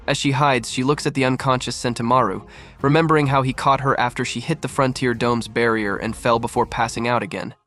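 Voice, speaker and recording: A man giving a steady, matter-of-fact scripted recap of an episode's events. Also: medium pitch, brisk. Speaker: recap narrator. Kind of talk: scripted narration.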